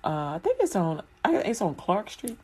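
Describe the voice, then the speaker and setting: A woman's voice: lowish voice, very animated, moderate pace, a little mellow, breathy edge. A woman from Chicago in casual chat about faith, rambling and colloquial, breaking into frequent laughter.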